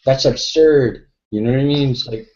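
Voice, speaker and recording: A man's voice: mid-range voice, moderate pace, a little mellow. Man, mid-range voice, rambling sweary talker, muffled call audio. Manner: rambling, filler-heavy, sweary. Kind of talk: casual online discussion.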